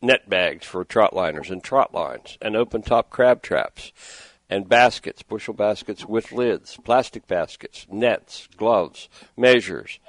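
Rambling radio host, low voice. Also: male voice, lively intonation, slow pace, no echo. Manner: rambling, exasperated storytelling. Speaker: radio fishing show host. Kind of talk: casual radio talk. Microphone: studio microphone with headphones.

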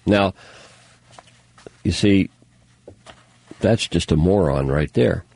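A man's voice: low-pitched, slow pace, gravelly, a little mellow. A man hosting a talk show, rambling through news stories with sarcastic, mocking asides. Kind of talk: casual news commentary monologue.

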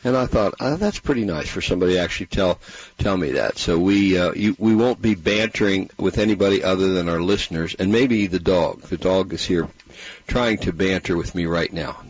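A man's voice: low-pitched, a little fast, husky. A middle-aged man, hosting a radio show in a folksy, rambling way while congested from bronchitis. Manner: folksy, rambling, with many fillers. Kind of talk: casual radio talk. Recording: dull, muffled radio broadcast.

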